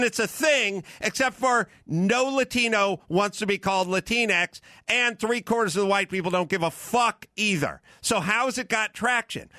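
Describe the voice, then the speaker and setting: Man ranting hard, high bright voice. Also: dry recording, studio quality. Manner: profane, emphatic, repetitive, shouting at times. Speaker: podcast host. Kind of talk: heated podcast rant.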